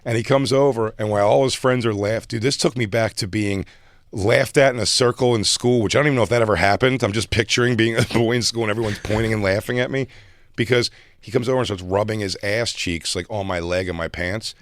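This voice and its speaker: A man telling a long, animated story from his stand-up comedy days in casual chat, acting out other people's lines as he goes. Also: on the low side, fast, dry recording, clean studio sound.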